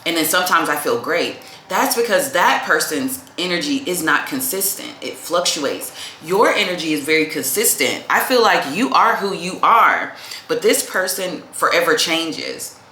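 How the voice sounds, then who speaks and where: Low, bright-toned woman reading tarot. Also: expressive, measured pace, a little hiss or hum. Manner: chatty, calls the viewer "baby", lots of "like". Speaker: tarot reader. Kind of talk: casual tarot reading to camera. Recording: echoey room.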